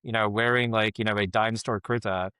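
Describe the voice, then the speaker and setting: A man's voice: on the low side, steady tone, brisk, sharp tone, clear, resonant tone, no room sound, studio quality. A middle-aged man giving casual podcast commentary, rambling and filling his talk with "like, you know".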